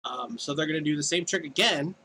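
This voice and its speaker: A man's voice: a little high, a little fast, pushed and bright, breathy edge, low-quality recording. A man running a tabletop game as dungeon master, casually tallying dice rolls and narrating the fight. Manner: casual, rolling dice and tallying damage aloud.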